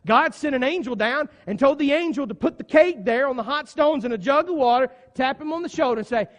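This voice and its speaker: Male preacher, high and animated voice, earnest and chatty, church hall reverb. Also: brisk, hardly any pauses. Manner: earnest, conversational, emphatic. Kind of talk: sermon. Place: church sanctuary.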